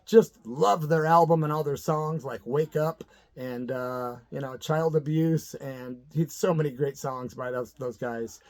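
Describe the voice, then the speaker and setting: A man's voice: a little high, unhurried. Rambling, chatty middle-aged man storyteller. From Midwestern United States. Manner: rambling, chatty, full of fillers and asides. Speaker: channel host. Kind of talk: casual storytelling to camera.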